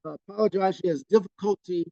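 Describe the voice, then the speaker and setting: A man runs a live online workshop over a computer mic, his slightly high voice carrying a gravelly edge. The sound is dry and close, with no room around it. He talks informally and warmly praises each participant's reply. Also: quick pace, dry recording, highs cut off. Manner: encouraging, praises participants by name; chatty and informal, frequent fillers. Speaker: trainer leading a webinar. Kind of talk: live online training, reading chat replies aloud.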